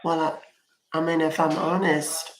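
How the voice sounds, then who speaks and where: A man's voice: on the high side, little pitch movement, unhurried, echoey room, a little hiss or hum, pitched above the performer's own voice, close to an everyday voice. A man voicing a polite, hesitant older woman who rambles as she asks questions on a phone call. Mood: polite, puzzled.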